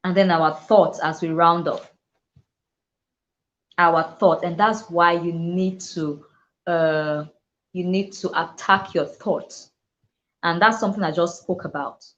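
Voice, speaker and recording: A woman with a lowish voice gives an earnest, heartfelt talk to fellow teachers as a dyslexia coach. She acts out quoted voices and breaks into laughter along the way. The audio is dull and lo-fi, like an online session. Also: fairly even intonation, takes it slowly, pauses often, a bit bright.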